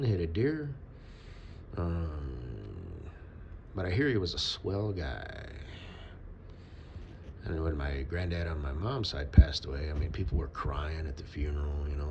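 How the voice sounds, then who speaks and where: A very deep-voiced man talks slowly in a rambling, offhand monologue. His pitch swings widely as he goes. A faint ambient noise sits under his voice. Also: highs cut off. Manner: rambling, offhand, swears casually. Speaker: vlogger.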